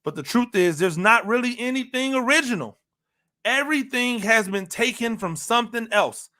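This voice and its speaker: In a lively, animated sports talk monologue, a male football analyst host speaks at normal speed with a high, bright voice and expressive intonation. He addresses listeners directly, asks rhetorical questions, and repeats phrases for emphasis.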